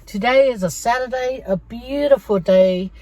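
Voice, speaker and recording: A middle-aged woman talks straight to her viewers in a relaxed vlog. She tells stories in a chatty, friendly way, calling her audience guys. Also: a little high, moderate pace, no room sound. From Samoa. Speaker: vlogger. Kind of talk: casual mukbang chat to viewers.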